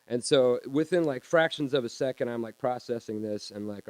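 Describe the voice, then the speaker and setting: A man telling a personal story live on stage in a small theater, halting and repeating words as he acts out his own reactions. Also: mid-range voice, darkish tone, clear, resonant tone, dry recording.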